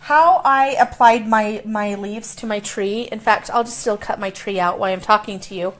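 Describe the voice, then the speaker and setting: A woman's voice: medium pitch, moderate pace. A middle-aged woman demonstrating a craft in a chatty, playful way, explaining each step. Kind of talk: casual craft tutorial.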